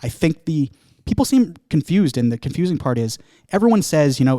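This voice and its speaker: A man's voice: a little high, big pitch swings, quick pace, mellow, no room sound. A man hosts a casual podcast and rambles through his thoughts, hedging with fillers and poking fun at himself. His voice sounds close and dry, with little room sound. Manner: rambling, self-deprecating, lots of fillers. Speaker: podcast host. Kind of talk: casual chat.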